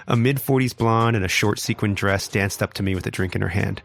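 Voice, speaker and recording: A man's voice: fairly low pitch, fairly even intonation, brisk, creaky, soft background music. A man casually narrating a wild story as a podcast host, wry and swearing freely.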